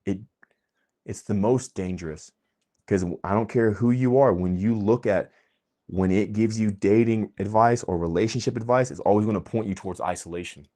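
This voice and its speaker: A man giving an impassioned, preachy monologue as the host of his own channel. He talks emphatically, swinging between loud bursts and quiet asides. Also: lowish voice, fairly quick. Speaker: vlogger host.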